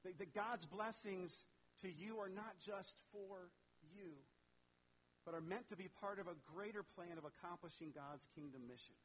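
A man's voice: high voice, normal speed, a bit bright, a little hiss or hum, low-quality recording. A man preaching a sermon in a conversational way, asking questions and acting out the characters in the story. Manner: conversational, asks the audience questions, acts out voices. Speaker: pastor.

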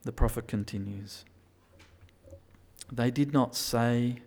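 A man preaching a sermon, moving between quiet reflection and loud, emphatic pleading. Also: mid-range voice, slow.

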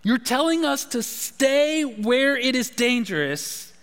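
A man's voice: very high-pitched, expressive, slow pace, a bit bright. A man preaching a sermon as pastor, emphatic and repetitive, often restarting his phrases. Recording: long hall reverb.

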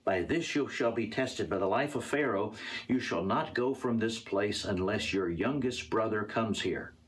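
A man's voice: on the low side, moderate pace, lightly acted. A man reading as a stern accusing governor. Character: Joseph, stern disguised governor accusing his brothers.

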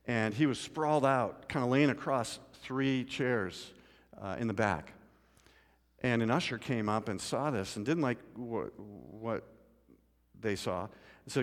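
A man preaching a sermon and telling a story, swinging from loud, urgent pleading to quiet, low asides. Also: unhurried. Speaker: pastor. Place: church sanctuary. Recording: long hall reverb.

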